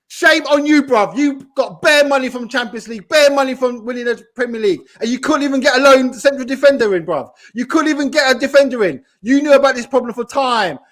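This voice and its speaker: Brief: high-pitched man, slangy, animated fan panelist. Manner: slangy, animated, talks over others. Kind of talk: heated football fan chat.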